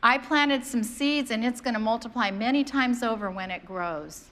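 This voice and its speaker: Lively woman preaching. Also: fairly high pitch, normal speed. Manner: animated, conversational, acts out quoted voices. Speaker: pastor. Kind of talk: sermon with storytelling.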